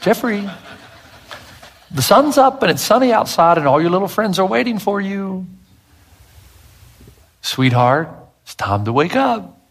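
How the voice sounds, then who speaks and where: Brief: male preacher putting on a gentle mother's voice, coaxing and lilting, pitched well up. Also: sing-song, a little slow, long pauses, breathy edge, heavily acted. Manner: soft coaxing sing-song. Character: tender mother gently waking her little son.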